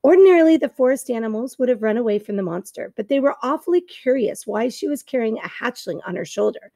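A woman teacher reading a novel aloud to her class in clear storytelling narration. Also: on the high side, expressive, quick pace, warm tone, no room sound.

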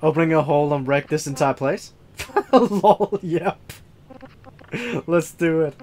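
A man reading and voicing game dialogue in a casual let's-play, halting over lines with fillers and laughs. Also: a little high, darkish tone.

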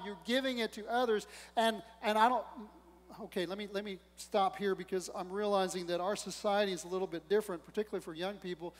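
High-voiced pastor preaching, animated with jokes and acted-out quotes, long echoey church hall. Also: male voice. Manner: preaching with rising emphasis and humor, acting out quotes. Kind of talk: sermon. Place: church sanctuary.

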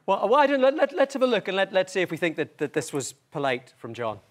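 A man's voice: high voice, sing-song, quick pace. A man hosting a chat show, putting friendly, prompting questions to his guest. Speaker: talk show host. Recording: studio audience noise behind.

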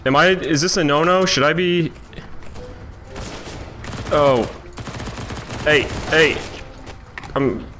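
A man narrating his own gameplay with a bright, forward tone and an unhurried pace. He reacts with frequent swearing and joking self-mockery. Faint game gunfire sits under his voice. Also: medium pitch, a little hiss or hum. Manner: excitable, swearing, self-mocking. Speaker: gamer. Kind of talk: let's play commentary.

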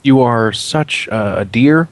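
A man's voice: medium pitch, slow. A man voicing a fussy male boatman who stammers, rambles and stays overly polite. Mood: relieved.

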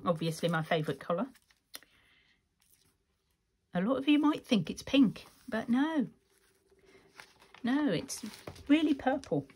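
A woman's voice: on the high side, sing-song, a little slow, long pauses, darkish tone, breathy edge. A woman chatting casually through a craft tutorial, rambling and laughing often as she works. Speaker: craft vlogger.

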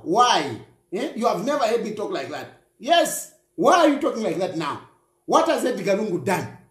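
A man with a Zambian accent, pitched high and swinging widely as he mocks, firing the same pointed question again and again. His voice rings in an echoey room with faint music underneath. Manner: mocking, repeats rhetorical questions, mixes in local phrases. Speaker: political commentator. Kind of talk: opinionated online commentary.

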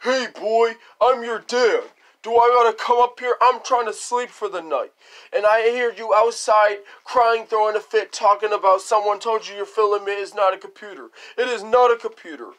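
A man's voice: sits high, normal speed, fairly bright tone, pitched above the performer's own voice. A man voicing a grumpy father, woken from sleep, who scolds his son sternly. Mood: scolding.

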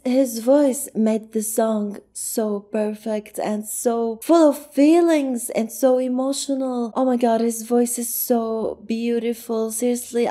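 A woman's voice: fairly high pitch, mellow. A woman hosting a music reaction video, talking earnestly and emotionally and full of "like" fillers. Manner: earnest and gushing, with many "like" fillers. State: emotional, close to tears. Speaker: music reaction channel host. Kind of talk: casual reaction commentary.

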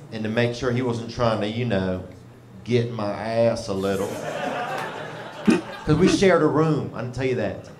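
Performing stand-up for a live club audience, this man speaks on the low side in an easygoing, rambling drawl peppered with Southern slang. Crowd laughter echoes through the roomy venue.

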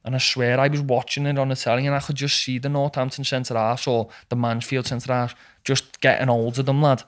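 Man, 20s, footballer guest, casual chat, animated, keeps saying lad. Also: medium pitch, fairly quick. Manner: animated storytelling, says "lad" constantly.

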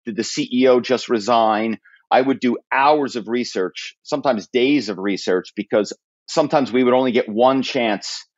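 A man speaking as a podcast guest, telling stories in an animated way and slipping into impersonations. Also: medium pitch, normal speed, dry recording, lo-fi sound. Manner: animated storyteller who slips into impersonations. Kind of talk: interview conversation.

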